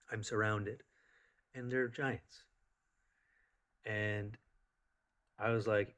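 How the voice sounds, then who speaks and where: Casual vlogger, man, lowish voice, rambling, animated storyteller. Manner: rambling, animated, full of fillers.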